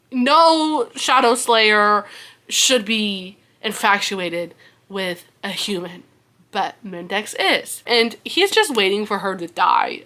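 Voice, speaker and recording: A woman's voice: medium pitch, sharp tone. A young woman recapping a book series in a casual, chatty way, acting out the characters' lines with swearing and laughter.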